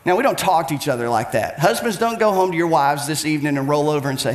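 A man's voice: fairly high pitch, quick pace, hardly any pauses, roomy sound. A man preaching a sermon as pastor, with an emphatic, repetitive cadence.

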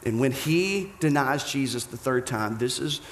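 Animated man preaching in an echoey room. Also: medium pitch, moderate pace, a little hiss or hum. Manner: animated storytelling, acting out voices of the characters. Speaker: pastor. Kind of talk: sermon. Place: church auditorium.

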